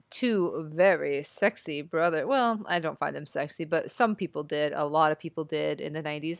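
A young woman hosting a podcast, chatty and self-mocking with quick asides. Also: low-pitched, no room sound, studio quality. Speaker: podcast host. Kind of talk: casual chat.

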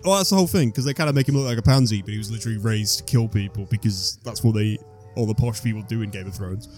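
A man's voice: lowish voice, fast talker, a little mellow, faint music behind. A man hosting a casual comedy podcast, rambling and laughing often as he talks. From Wales. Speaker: podcast host.

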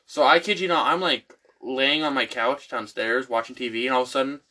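A man in casual chat, telling stories with lively voiced-out quotes. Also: mid-range voice, brisk. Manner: animated storyteller acting out quotes. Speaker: co-host.

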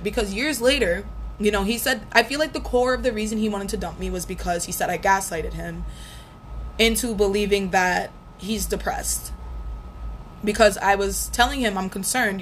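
Candid young woman telling a breakup story. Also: medium pitch. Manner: candid, profane, animated storytelling. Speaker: vlogger. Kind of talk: casual storytelling. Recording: faint background noise.

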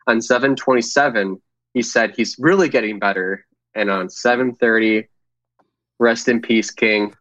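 A man's voice: medium pitch, measured pace, a bit bright, no room sound, dull audio. A man co-hosting a casual political podcast, rambling with many fillers and crude jokes. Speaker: podcast co-host.

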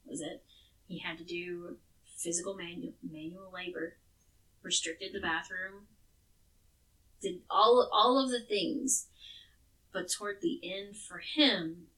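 A woman with a low, forceful, bright voice tells a true crime story in a loose, chatty way, swearing now and then. She sits a little back from the mic. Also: steady tone, slow, long pauses, far from the mic, rough recording. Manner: chatty, swearing, restarts words. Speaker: podcast co-host telling a true crime case.

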